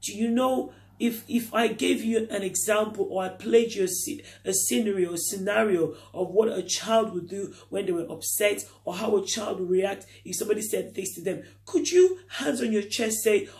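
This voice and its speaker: A middle-aged man, talking straight to his viewers in a reflective vlog. His voice sits high, and he leans on earnest rhetorical questions. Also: moderate pace, few pauses, darkish tone. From Nigeria. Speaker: vlogger. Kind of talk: reflective talk to camera.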